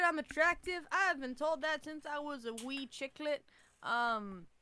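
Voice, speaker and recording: A woman's voice: sits high, pushed and bright, dry recording. A young woman co-hosting a podcast in casual chat, swearing, laughing and mocking herself. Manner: swearing, laughing, jokey self-mockery. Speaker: podcast co-host.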